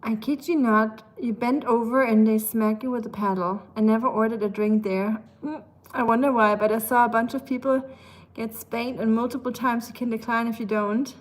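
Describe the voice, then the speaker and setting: A woman's voice: on the high side, fairly even intonation, normal speed. A woman from Germany, chatting casually on a live stream, reading out viewer comments and filling her talk with "like". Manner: chatty, reads viewer comments aloud, heavy use of "like".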